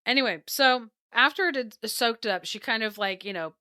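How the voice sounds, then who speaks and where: A woman co-hosting a podcast, retelling an old tale with animated energy and frequent laughter. Her voice is bright and crisp. It sits close and dry on the mic. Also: on the high side, moderate pace, no echo. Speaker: podcast co-host. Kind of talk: casual storytelling chat.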